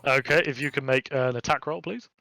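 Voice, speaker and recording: A man running a tabletop game as game master, narrating in a relaxed, chatty way with many fillers. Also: medium pitch, fairly quick, gravelly, noisy background.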